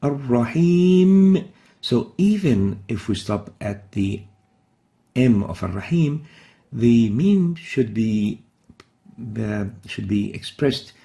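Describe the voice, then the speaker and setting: A man teaching Quran recitation in a recorded lesson, explaining patiently and demonstrating each sound slowly and carefully. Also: lowish voice, animated, vocal fry, warm tone.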